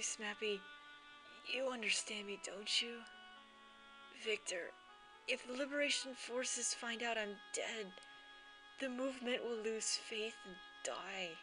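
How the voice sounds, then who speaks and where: A woman voicing a dying young woman rebel leader from a video game, speaking softly with half-whispered lines while reading the dialogue aloud. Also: a little high, poor audio. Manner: soft, faltering, often half-whispered. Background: game music.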